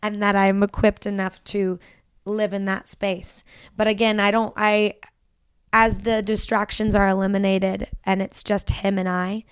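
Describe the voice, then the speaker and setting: A woman's voice: medium pitch, flat delivery, a little slow, clear, resonant tone, no echo. Earnest young woman, dry sound. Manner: earnest, says like a lot. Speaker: podcast guest, country singer. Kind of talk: casual faith conversation.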